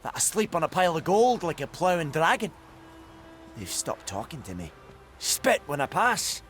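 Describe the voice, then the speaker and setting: A sour old dwarf smith with a thick Scottish accent and a lively, up-and-down delivery. He is sarcastic and curses freely. Faint game music plays under him. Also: on the high side, normal speed. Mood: bitter. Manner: sarcastic, swearing, exclaiming. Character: gruff old male dwarf blacksmith, bitter and sarcastic.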